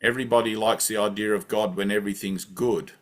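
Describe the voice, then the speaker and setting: Talking fast with fairly even intonation and a fairly low pitch, a male spiritual teacher leads a satsang talk and breathing practice. His conversational style includes constant "right?" check-ins.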